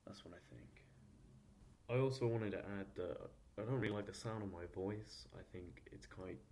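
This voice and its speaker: A man hosting a solo podcast, thinking aloud in a halting, rambling way with many restarts, his voice a little posh and nasal. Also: on the low side, warm tone, a little hiss or hum. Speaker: podcast host. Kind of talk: solo reflective podcast monologue.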